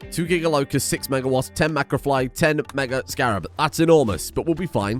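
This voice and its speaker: A young man giving excitable, chatty let's play commentary and swearing freely. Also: a little high, quick pace, few pauses, soft background music. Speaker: gaming streamer.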